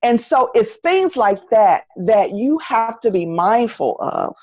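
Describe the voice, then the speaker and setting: A woman's voice: a little high, sing-song, takes it slowly, darkish tone, no room sound, highs cut off. A middle-aged woman with a Southern North Carolina accent, talking earnestly as a podcast guest and repeating phrases for emphasis. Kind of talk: casual interview conversation.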